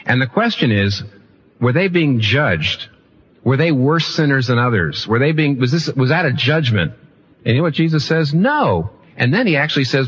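A man preaching a sermon in an animated way, often repeating phrases and restarting sentences. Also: medium pitch, normal speed, long pauses, breathy edge, highs cut off. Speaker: pastor.

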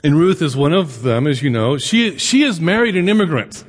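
A middle-aged man gives a chatty lecture, weaving anecdotes into his points and tossing rhetorical questions at his listeners. His voice sits slightly high for a man. A long hall reverb trails behind every phrase. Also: animated, moderate pace, husky. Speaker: lecturer on the Bible and immigration.

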